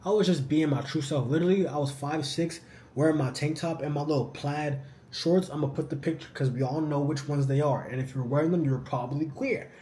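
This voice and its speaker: A young man answering viewer questions in a casual vlog, animated and slangy. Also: on the high side, fairly quick, a little hiss or hum. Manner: animated, slangy, says "bro" often.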